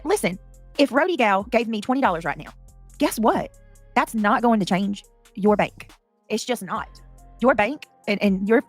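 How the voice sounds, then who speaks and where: Woman chatting on a livestream. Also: medium pitch. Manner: greets chat by name, emotional, defensive. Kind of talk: casual livestream chat.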